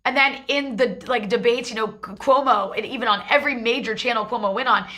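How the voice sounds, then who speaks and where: A woman's voice: on the high side, fairly quick, sharp tone. A woman hosting a political talk show, delivering emphatic commentary in long run-on stretches. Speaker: show host.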